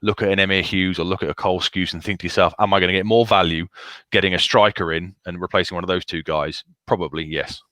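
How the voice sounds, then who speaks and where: A man co-hosting a football podcast, giving quick, assured opinions in casual chat. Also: deep voice, fairly even intonation, a bit bright, no echo. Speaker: podcast co-host.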